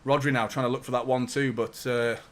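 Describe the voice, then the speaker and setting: A young man with a medium-pitched voice, little pitch movement and a slightly fast delivery hosts a live football watchalong. Chatty and heavy on swearing, this fan channel host reads viewers' super chats during his commentary.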